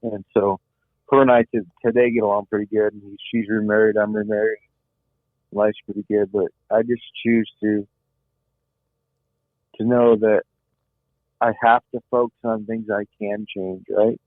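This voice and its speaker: A man's voice: on the low side, little pitch movement, a little slow, long pauses, no echo. A middle-aged man telling a personal survival story earnestly, often repeating words as he searches for them. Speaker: guest. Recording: tinny phone-like line, dry.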